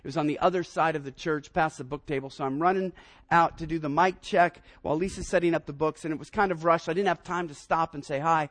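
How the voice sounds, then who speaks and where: A man in his fifties, a pastor preaching a sermon, telling personal stories in an animated way and often repeating his first words. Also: a little high, fast. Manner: animated storyteller, repeats words when starting sentences.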